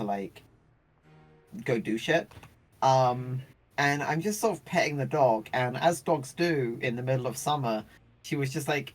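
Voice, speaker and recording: Animated swearing storyteller woman. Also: a bass voice. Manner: animated, swears, acts out quoted voices. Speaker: streamer telling stories while playing. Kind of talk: casual storytelling chat.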